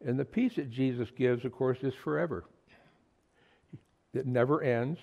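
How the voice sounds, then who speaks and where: Guy preaching to a small church group, gravelly, earnest, kinda muffled recording. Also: mid-range voice, moderate pace, a little mellow. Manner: earnest, emphatic, with repeated words and asides. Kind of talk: sermon. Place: small fellowship meeting room.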